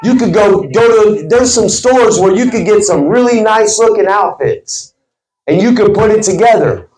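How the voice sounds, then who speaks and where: A man's voice: high-pitched, expressive, normal speed, a little mellow. A man giving a motivational talk to a sales team, stressing his words with an emphatic, preacherly cadence. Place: team meeting room. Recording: echoey meeting room.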